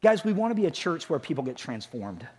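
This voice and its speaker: A middle-aged male pastor preaches a sermon to his church on a stage mic. His fairly high voice leaps up for emphasis and falls to near-whispers. The delivery is lively and conversational. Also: brisk. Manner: animated preaching, rising and dropping sharply for emphasis. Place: church sanctuary.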